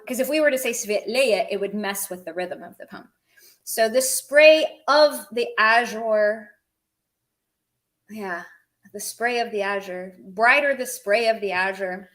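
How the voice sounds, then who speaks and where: A woman's voice: on the high side, a bit bright, poor audio. A woman teaching a live-streamed language lesson, explaining words one at a time with chatty asides to her viewers.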